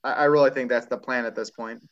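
A man co-hosting a sports talk show in casual banter, halting and restarting his sentences. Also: mid-range voice, steady tone, lo-fi sound. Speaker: sports podcast co-host.

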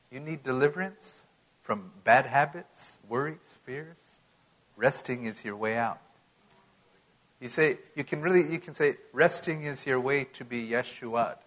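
A man preaching a sermon in an unhurried, emphatic way, his volume swinging from loud to soft. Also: on the high side, rough recording.

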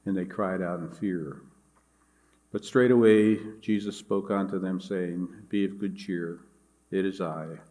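A man preaching a sermon, reading scripture and speaking in a measured, earnest way. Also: low voice, fairly even intonation, dark tone. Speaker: pastor.

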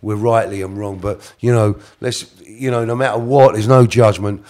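A man's voice: fairly low pitch, fairly even intonation, moderate pace, a little mellow. A middle-aged man, rambling through a story as an interview guest and correcting himself as he goes. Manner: rambling, self-correcting, slips into quoted voices. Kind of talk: casual storytelling.

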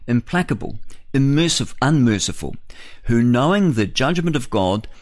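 A male radio host delivering a rambling, opinionated solo monologue in a studio, often chuckling at his own remarks. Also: medium pitch.

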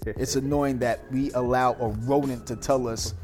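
A man co-hosting a radio talk show, joking loudly and crudely and laughing often. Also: mid-range voice, steady tone, moderate pace, over music. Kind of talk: casual banter on a radio show.

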